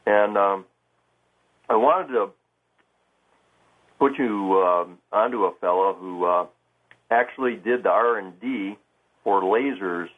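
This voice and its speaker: A man from Michigan calling a radio show, talking in a hesitant, halting way. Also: on the low side. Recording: tinny phone line.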